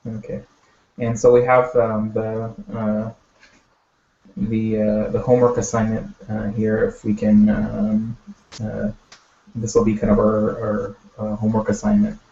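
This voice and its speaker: A man teaching a language class, explaining words step by step in a patient way, with many pauses and fillers. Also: fairly low pitch, monotone, mellow. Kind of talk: online language lesson. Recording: echoey, dull audio.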